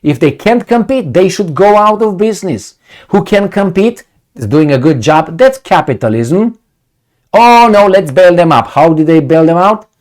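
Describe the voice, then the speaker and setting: Man, combative political commentary, sarcastic, heated asides, very animated pitch, stumbles over words. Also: moderate pace. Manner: often loses words and restarts. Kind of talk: reading and ranting over a news article.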